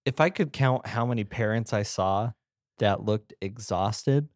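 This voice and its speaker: A man's voice: fairly low pitch, a little slow, no room sound, clean studio sound. A man co-hosting a casual podcast, telling a wry story about a tiring family trip. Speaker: podcast co-host. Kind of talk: casual chat.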